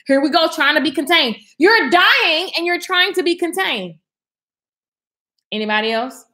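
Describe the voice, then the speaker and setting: A woman telling a personal story to an audience in a casual, animated way, swinging from hushed to loud. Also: high-pitched.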